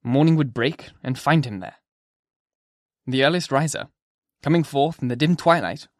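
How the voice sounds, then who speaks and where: A man narrating a classic novel, telling the story in a measured, even way. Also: mid-range voice, dry recording, studio quality. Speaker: audiobook narrator. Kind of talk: scripted narration.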